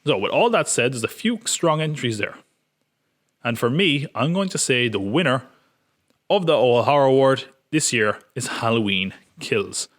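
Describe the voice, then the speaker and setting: A man's voice: medium pitch, animated, normal speed. Wry male podcast host. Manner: wry, self-mocking, joking. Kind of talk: casual film preview chat.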